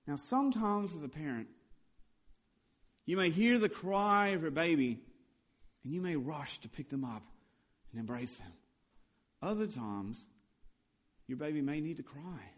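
A male pastor preaching a sermon, swinging between loud and hushed lines and building on repeated phrases. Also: on the high side, lively intonation, a little slow, pauses often.

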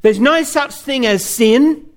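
A man's voice: very high voice, animated, slow, voice pushed up, exaggerated voice. A male preacher voicing a breezy man who insists that everything is fine. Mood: coaxing. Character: breezy self-help man preaching denial.

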